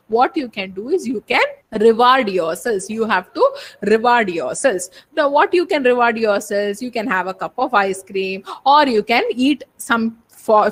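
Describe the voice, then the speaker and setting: A woman with an Indian English accent gives a webinar talk over a video call. Her voice sits high and swoops up and down with lively emphasis as she lectures students on handling exam stress. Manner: animated, emphatic, stretches words for stress.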